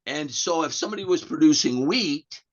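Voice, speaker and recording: Appearing as a podcast guest, a real estate agent with an American accent rambles through a long story, restarting and acting out the dialogue in casual interview fashion. His voice sits a little high, with lively intonation and a moderate pace, on dull lo-fi audio.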